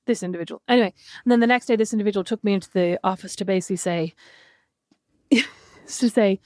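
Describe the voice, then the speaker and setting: A woman's voice: mid-range voice, fast talker, pauses often, a little mellow, no echo, clean studio sound. A woman co-hosting a podcast, telling stories in casual chat, laughing often and swearing casually. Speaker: podcast co-host.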